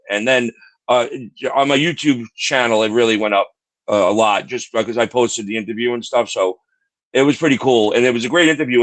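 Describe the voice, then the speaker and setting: A man's voice: medium pitch, a bit bright, no echo. A man co-hosting a podcast, telling a long story in a rambling way, repeating words and swearing freely. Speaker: podcast co-host. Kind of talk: casual chat.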